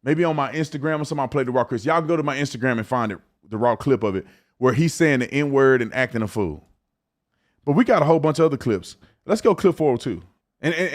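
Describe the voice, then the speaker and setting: A man hosting a commentary show, talking bluntly and repeating words as he reacts to clips. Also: fairly high pitch. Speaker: show host.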